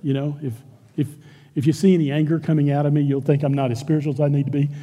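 Pastor, male, lively preacher who acts out quoted lines, mellow tone, church hall echo. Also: on the high side, fast talker, dull audio. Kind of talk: sermon. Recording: long hall reverb.

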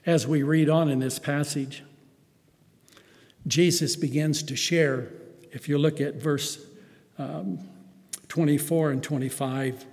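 A man's voice: fairly high pitch, steady tone, takes it slowly, pauses often, a little mellow. Man preaching in a reverberant hall. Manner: preaching with rising emphasis and rhetorical questions. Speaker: pastor. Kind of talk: sermon.

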